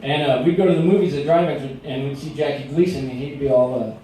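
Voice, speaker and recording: A middle-aged man doing a stand-up comedy set in a restaurant, telling stories in an animated way and acting out shouted quotes. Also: mid-range voice, quick pace, slight background noise. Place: restaurant performance space. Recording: very echoey room recorded from a distance.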